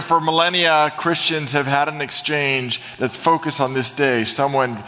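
Man, pastor, energetic sermon, storytelling, long reverb. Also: fairly high pitch, measured pace, few pauses, soft background music. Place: church sanctuary.

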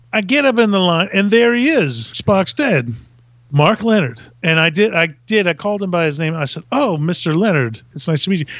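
Comic storyteller, man from Virginia, high voice, laughs a lot, dull dry lo-fi recording. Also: no room sound. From Virginia, USA. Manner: animated, laughs through his stories. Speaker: podcast guest.

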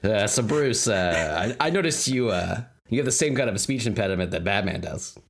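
Guy doing a low stammery police commissioner, suspicious, voice dropped way down. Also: lively intonation, a little fast, gravelly, slight background noise. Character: suspicious middle-aged male police commissioner.

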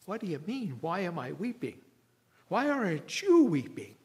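Distraught, demanding woman, put on by a male preacher in a sermon, raised pitch. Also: sing-song, moderate pace. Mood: incredulous. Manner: exasperated, pleading questions. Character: grieving, indignant woman demanding answers.

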